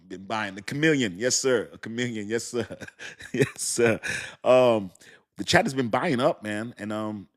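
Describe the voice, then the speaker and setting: A man hosting a casual livestream, rambling and laughing as he talks to his chat. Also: mid-range voice. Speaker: crypto livestream host.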